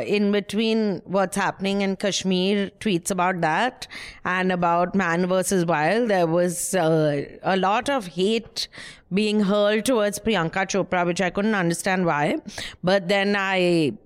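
A woman's voice: on the low side, steady tone, slow, smooth. A woman co-hosting a podcast, chatty and laughing often, with frequent fillers. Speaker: podcast co-host. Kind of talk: casual chat.

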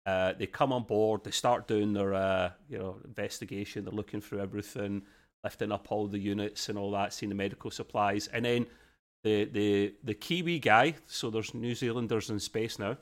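A man's voice: on the low side, fairly even intonation, moderate pace. A man with an Australian accent co-hosting a podcast, chatting casually and enthusiastically, with lots of restarts. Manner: rambling, enthusiastic, frequent restarts and fillers. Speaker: podcast co-host. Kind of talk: casual review chat.

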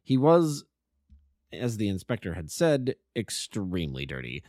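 Low-voiced man narrating a detective tale. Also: wildly swooping pitch, measured pace, a little mellow, no room sound, studio quality. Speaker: amateur audiobook narrator. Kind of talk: reading a classic detective story.

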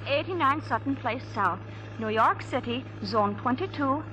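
An actress playing a naive young Irish immigrant woman in a 1950s radio drama, with a gentle, lilting Irish accent and old-fashioned phrasing. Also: sits high, lively intonation, normal speed, noisy background.

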